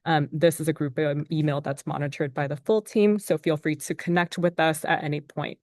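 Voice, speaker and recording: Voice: mid-range voice, fairly even intonation, a little fast, darkish tone, dry recording. Upbeat webinar moderator, dry sound. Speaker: session moderator. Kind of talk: hosting a webinar Q&A.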